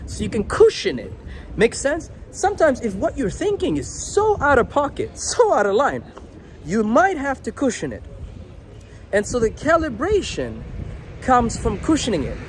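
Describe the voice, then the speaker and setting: Outdoors and facing the camera, a young man offers dating advice with crude, blunt, unfiltered talk. His very high voice swoops wildly in pitch at a moderate pace, and there's a little hiss or hum on the audio.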